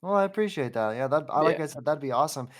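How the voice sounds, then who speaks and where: A man's voice: on the high side, animated, very fast. A man in his twenties hosting a podcast, telling a personal story in a rambling, heartfelt way. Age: 20s. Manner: rambling and heartfelt, with frequent fillers and restarts. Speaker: podcast host. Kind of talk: casual conversational storytelling.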